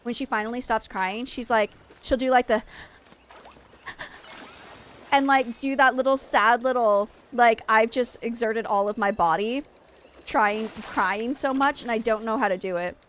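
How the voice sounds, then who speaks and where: Young woman streamer, a touch high-pitched, chatty and rambling, faint hiss behind. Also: a little slow. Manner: rambling, heavy use of "like", frequent restarts. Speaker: streamer, host. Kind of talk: casual chat while playing a game.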